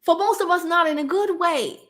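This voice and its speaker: A woman's voice: very high voice, moderate pace, a bit bright. A woman, hosting a live stream, chatting casually with her viewers and laughing often.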